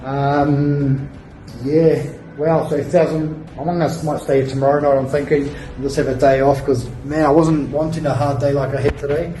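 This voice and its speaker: A man's voice: a little high, level tone, normal speed, warm tone. Laid-back New man in a roomy room. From New Zealand. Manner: laid-back, rambling, many fillers and sighs. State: tired after a long ride. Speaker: travel vlogger. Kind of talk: casual storytelling to camera. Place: hotel room. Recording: roomy, distant mic, faint music.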